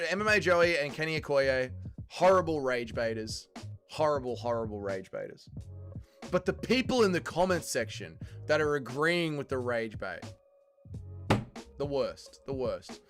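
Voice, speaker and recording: Animated Australian man bantering with chat. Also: on the high side, unhurried, faint music behind. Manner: sweary, joking banter, answering chat comments. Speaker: livestream host reading chat. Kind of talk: casual livestream chat.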